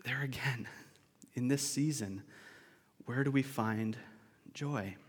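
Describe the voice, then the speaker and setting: A man's voice: medium pitch, slow, breathy edge. A man preaching a sermon as pastor, talking in a conversational, reflective way with restarts and asides. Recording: long reverb of a large church hall.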